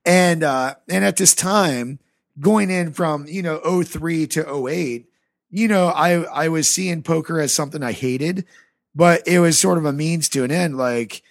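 A man's voice: on the high side, a little slow, vocal fry, dry recording. Cussing man telling a story, dry mic. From American Rust Belt. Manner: animated, swears freely, acts out dialogue. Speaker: podcast guest. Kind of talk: casual storytelling.

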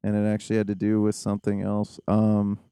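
A man hosts a podcast in loose, rambling chat, excitable and full of fillers. His voice is smooth and warm, and the recording is dry and close. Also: on the low side, fairly quick, dry recording. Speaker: podcast host. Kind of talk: casual chat.

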